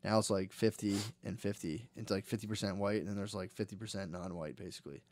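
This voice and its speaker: A man's voice: lowish voice, steady tone, quick pace, a little mellow, no echo. A man co-hosting a casual podcast, rambling and swearing and calling his co-host "dude.". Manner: rambling, profane, says "dude" a lot.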